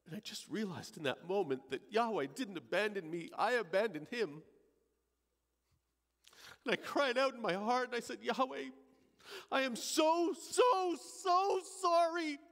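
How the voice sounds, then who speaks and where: A male pastor playing a repentant thief dying on a cross, in a dramatic first-person monologue at a church service, halting and emotional, moving from hushed remorse to crying out. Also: sits high, animated, in a large hall, heavily acted. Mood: anguished.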